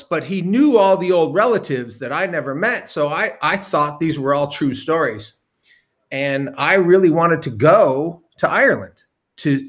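Man, storytelling, rambling with ums, casual swearing, slightly high pitch. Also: fairly bright tone. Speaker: storyteller guest.

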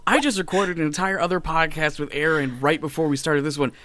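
A man chatting casually on a podcast in an animated, jokey way, talking about casting voice actors. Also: on the high side, fast talker. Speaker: podcast guest who casts voice actors.

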